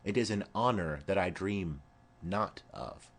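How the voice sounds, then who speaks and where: A man's voice: low-pitched, unhurried. A man reading the part of a dutiful teenage girl giving short, polite replies in an audiobook of a play. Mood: demure.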